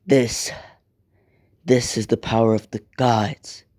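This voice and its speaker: A man voicing a vengeful young male hero turned god-like villain, speaking in quiet, cold threats. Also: medium pitch, fairly even intonation, slow, close to an everyday voice. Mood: menacing.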